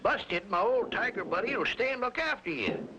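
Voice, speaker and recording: An actor playing a folksy old male swamp hermit with a creaky, twangy drawl, in a 1950s cartoon. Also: high-pitched, animated, normal speed, muffled recording, noisy background. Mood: serious.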